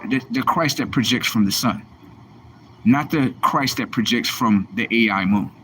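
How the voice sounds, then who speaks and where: A man's voice: medium pitch, moderate pace, fairly bright tone, slight background noise. A man hosting a livestream, delivering a profane, mocking religious rant in a confrontational, preachy manner. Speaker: livestream host.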